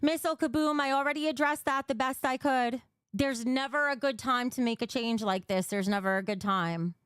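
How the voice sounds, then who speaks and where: A woman's voice: high voice, moderate pace, a bit bright, smooth, dry recording, clean studio sound. A young woman hosting a livestream, talking bluntly and emotionally, swearing freely while answering her chat. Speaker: livestream host.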